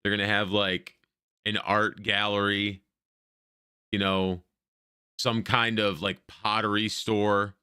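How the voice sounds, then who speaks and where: A man's voice: fairly low pitch, flat delivery, takes it slowly, long pauses, bright, forceful tone, smooth, no echo, studio quality. An American man streaming, casually commenting on a video, rambling through lists and swearing freely. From United States.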